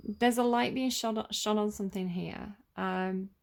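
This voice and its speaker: A woman's voice: medium pitch, steady tone, measured pace, gravelly. A woman giving a casual tarot reading, talking in a chatty, rambling way with lots of "like" and "you know.". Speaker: tarot reader.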